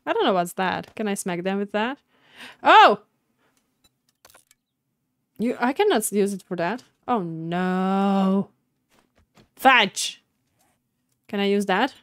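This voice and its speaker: A woman streaming a survival game, chatting casually with teammates, laughing often and yelling when things go wrong. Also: medium pitch, no echo. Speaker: gaming streamer. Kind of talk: casual let's-play commentary.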